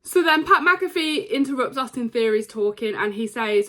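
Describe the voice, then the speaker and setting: Young woman gushing over a wrestling episode, kinda high-pitched, loads of fillers. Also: normal speed, hardly any pauses. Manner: excitable, retells scenes with quoted lines and many fillers. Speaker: wrestling show reviewer. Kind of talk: casual recap review.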